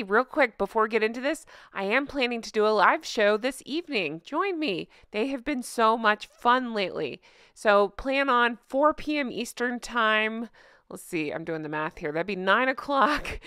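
A woman's voice: mid-range voice, pushed and bright, smooth, no echo, clean studio sound. Bubbly, chatty woman hosting a vlog. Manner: chatty, bubbly, laughs often. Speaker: vlog host. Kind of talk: casual commentary vlog.

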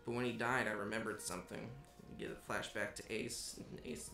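An excitable man talks through a manga chapter on a podcast. He swears casually and acts out the characters' lines. The room around him is echoey. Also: mid-range voice, moderate pace, vocal fry, faint music behind. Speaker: podcast co-host.

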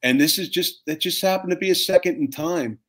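A fire captain in his fifties telling stories in a casual, animated way, swearing freely and acting out the people in them. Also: on the high side, fairly quick. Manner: animated, profane, acts out voices in his stories. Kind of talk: casual storytelling chat.

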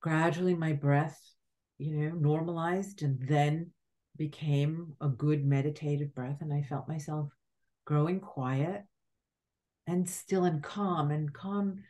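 A middle-aged woman, a podcast guest, telling a spiritual story in a soft, reflective way with many halting restarts. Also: sits low, fairly even intonation.

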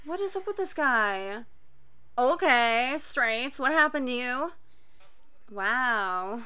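A young woman doing a casual anime reaction, excitable and quick to gasp and shriek. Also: sits high, clear, resonant tone. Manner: excitable, gasping and shrieking in surprise.

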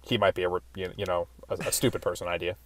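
A man co-hosting a podcast, cracking jokes in quick, excitable interjections during casual chat. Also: sits low, dry recording. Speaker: podcast co-host.

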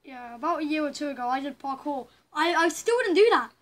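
High-voiced young woman reacting to a game. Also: animated, fairly quick. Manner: chatty and reactive, frequent loud dismayed outbursts. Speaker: gamer playing a story game. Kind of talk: let's play commentary.

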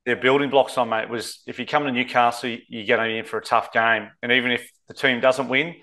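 A man's voice: medium pitch, fairly even intonation, fast, sharp tone. An Australian man co-hosting a sports betting podcast, talking casually and rambling, saying mate a lot. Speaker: co-host.

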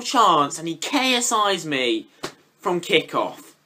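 Young man, bright sharp voice, live gameplay commentary, swearing, sudden high yelps. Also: sing-song, slow. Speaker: gaming YouTuber.

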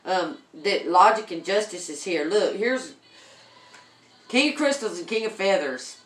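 A woman's voice: medium pitch, animated, a little slow, fairly bright tone, echoey room. A woman giving a casual tarot reading, chatty, with many ums and repeated okays. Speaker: tarot reader.

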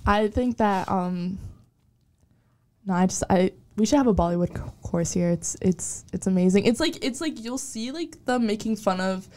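A woman's voice: mid-range voice, moderate pace, mellow. A young woman chatting as a podcast guest, telling stories with giggles and animation. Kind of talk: casual chat.

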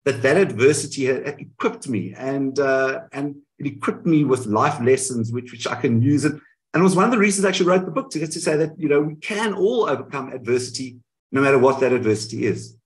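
A man in a candid interview, telling his side of events in an animated way and often correcting himself mid-sentence, heard over a video call. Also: mid-range voice, fairly quick, rough recording. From South Africa. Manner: animated storytelling, frequent self-corrections. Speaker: guest.

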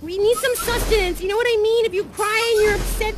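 A young woman streaming a VR game, talking softly and comfortingly to the players and creatures around her, hesitant, with many ums and sighs. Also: very high-pitched, steady tone, fairly quick, noisy background. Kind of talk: casual in-game role-play chat.

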